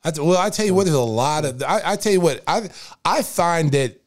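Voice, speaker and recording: A man hosting a podcast, chatting casually, excitable and repetitive as he tells stories. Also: fairly high pitch, fairly quick. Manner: excitable, storytelling, repeats himself. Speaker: podcast host. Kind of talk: casual chat.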